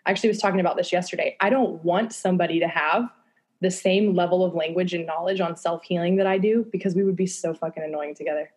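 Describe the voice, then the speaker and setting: Woman, young adult, candid podcast guest, lowish voice, casual, swears often. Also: fairly even intonation, quick pace, darkish tone. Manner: casual, frequent fillers and swearing.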